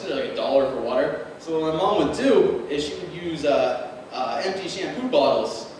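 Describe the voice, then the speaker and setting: Rambling young comedian in an echoey club. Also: male voice, fairly high pitch. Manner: rambling, self-deprecating, laughs at own jokes. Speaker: stand-up comedian. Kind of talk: open-mic stand-up comedy. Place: small club with live audience. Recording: echoey room recorded from a distance, noisy.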